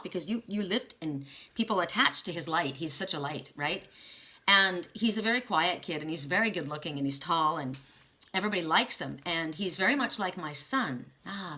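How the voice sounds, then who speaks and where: An older woman talks casually about family while reading oracle cards. Her voice sits slightly low but sounds bright and forward. She rambles, restarts her sentences, and lets emotion show. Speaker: oracle card reader. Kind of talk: casual spiritual talk.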